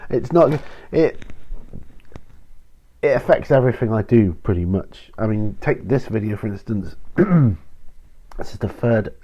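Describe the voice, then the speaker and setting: A man's voice: lowish voice, expressive, measured pace, long pauses, mellow, highs cut off. Tired, rambling man. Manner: rambling, self-interrupting, frequent ums and sighs. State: tired, prone to yawning. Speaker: channel host answering viewer questions. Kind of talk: casual solo Q&A video.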